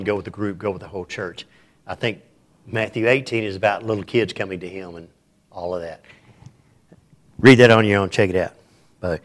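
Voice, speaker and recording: A man, preaching an informal, folksy sermon in a church with a lively, self-described hyper delivery. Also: medium pitch. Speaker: pastor.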